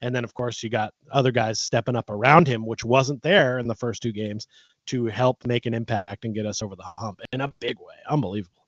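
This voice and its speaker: A man's voice: mid-range voice, steady tone, fairly quick, no room sound. A man co-hosting a casual sports podcast, bantering and joking as a fan. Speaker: podcast co-host. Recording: slightly dull lo-fi mic.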